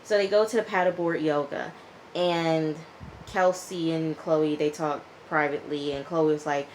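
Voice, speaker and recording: Low-voiced woman chatting through a recap. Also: moderate pace, slight background noise, poor audio. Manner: chatty, animated retelling with frequent "okay?" and fillers; acts out the people she quotes. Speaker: TV episode reviewer. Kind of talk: casual episode recap.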